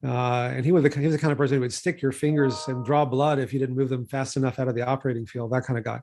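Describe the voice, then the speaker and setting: A man in his sixties from Texas, a physician telling stories from his career in a relaxed conversational way, full of fillers and restarts. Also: mid-range voice, rapid-fire. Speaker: physician and researcher. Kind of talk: conversational interview storytelling.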